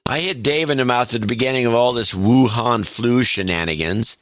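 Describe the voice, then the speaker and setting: A man's voice: mid-range voice, brisk, heavy background noise. A man co-hosting a podcast, reading listener notes aloud with dry asides. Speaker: podcast co-host.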